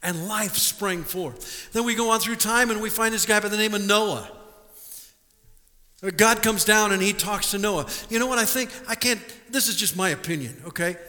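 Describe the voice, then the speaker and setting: High, bright-voiced preacher in a reverberant church. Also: male voice, normal speed. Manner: animated preaching with repeated words and audience questions. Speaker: pastor. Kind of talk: sermon. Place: church sanctuary. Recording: live church recording with long hall reverb.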